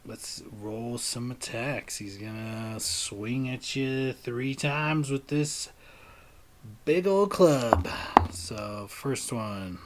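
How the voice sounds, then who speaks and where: A man speaks at an unhurried, slow pace as game master, narrating monster turns and calling out dice rolls. He talks in a relaxed, halting manner, stopping often to think. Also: mid-range voice, background noise. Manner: relaxed, hesitant, many pauses and fillers. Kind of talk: running a tabletop game, casual narration.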